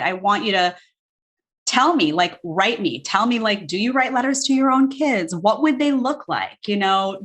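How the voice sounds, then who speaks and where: A woman in her thirties, a book author and guest, talking in animated casual chat full of likes and restarts. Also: mid-range voice. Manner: animated, talks fast with many likes and restarts. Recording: live video call.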